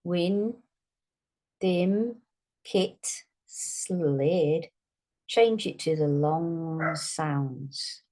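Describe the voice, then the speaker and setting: A woman giving a phonics lesson, slowly sounding out and stretching each word for young readers. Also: low-pitched, dark tone. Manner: slow, drawn-out sounding out of words. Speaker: teacher.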